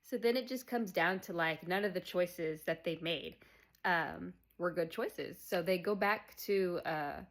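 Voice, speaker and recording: A woman's voice: lowish voice, unhurried. A woman casually recapping a film plot, chatty and full of fillers, laughing as she goes. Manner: chatty, many "like" and "um" fillers, laughs while retelling. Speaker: podcast host recapping a film.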